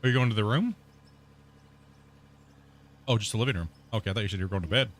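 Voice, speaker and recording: Bright-voiced laid-back gaming streamer man. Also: lowish voice, fast. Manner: laid-back, laughs often, chats with viewers and people at home. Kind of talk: casual live-stream chat. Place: home.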